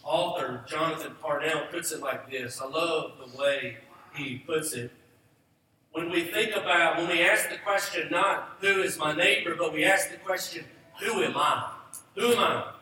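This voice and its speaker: A man's voice: a little high, a little slow, pushed and bright, a little hiss or hum. Emphatic preaching man in an echoey hall. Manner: emphatic preaching with repeated rhetorical questions. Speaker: pastor. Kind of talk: sermon. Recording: distant echoey church hall.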